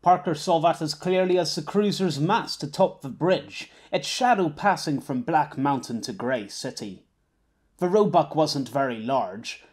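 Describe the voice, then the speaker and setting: A man narrating an audiobook in a steady, wry storytelling manner. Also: fairly high pitch, husky. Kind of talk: scripted narration.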